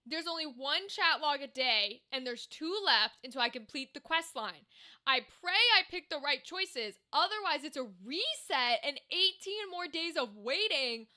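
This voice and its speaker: A young woman voice actor chats casually with her live-stream chat from a home room with a table setup, rambling and reacting to messages through a desk microphone. Her high voice is expressive, bright and forceful, and she speaks unhurriedly.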